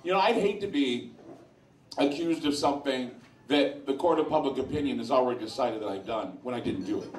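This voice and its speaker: A man's voice: mid-range voice, fairly quick, darkish tone, slight background noise. Man, blunt opinionated talk, crude asides, roomy echo, voice far from mic, live bar crowd. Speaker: radio host speaking to a live audience. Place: sports lounge in front of an audience. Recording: echoey room, voice far from mic.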